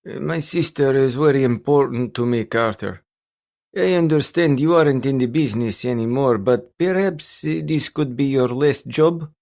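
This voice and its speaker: A man's voice: mid-range voice, normal speed, vocal fry, darkish tone, voice pushed up, lightly acted. A man voicing a cold, pragmatic Russian crime boss who speaks in a restrained, unemotional way, with a heavy Russian accent.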